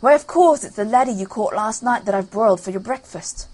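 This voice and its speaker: A woman's voice: medium pitch, animated, fairly quick, a little mellow, natural voice, low-quality recording. A woman voicing the ogre's fussy, coaxing wife in a storybook reading.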